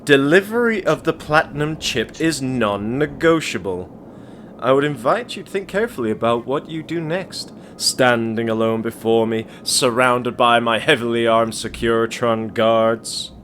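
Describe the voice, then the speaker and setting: A man voicing a ruthless, centuries-old male billionaire in a homemade monologue, stern and deliberate with a slight twang. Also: medium pitch, lively intonation, fairly bright tone, slight background noise, natural voice. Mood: cold. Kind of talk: amateur voice acting monologue.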